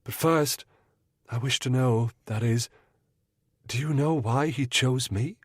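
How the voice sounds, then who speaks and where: A man's voice: mid-range voice, takes it slowly, breathy edge, no echo, clean studio sound, voice pushed up. A man voicing an earnest, compassionate young married woman in an audiobook, speaking in a pleading, heartfelt way. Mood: tearful pleading. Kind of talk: audiobook character voice.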